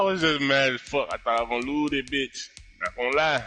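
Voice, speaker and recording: A young man giving live commentary on his own gameplay, loud and full of profane trash talk. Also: mid-range voice, moderate pace, soft background music. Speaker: gamer.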